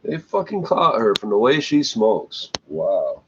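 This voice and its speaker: A man's voice: lowish voice, huge pitch swings, unhurried, muffled recording, background noise. A man ranting bluntly to camera, swearing often and tagging lines with "eh". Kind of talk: rambling profane rant to camera.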